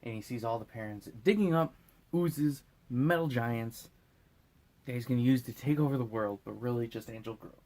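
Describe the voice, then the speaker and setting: A man's voice: mid-range voice, moderate pace, warm tone. A drunk man recapping a movie in a loose, crude, rambling way, often acting out lines in silly voices. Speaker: host.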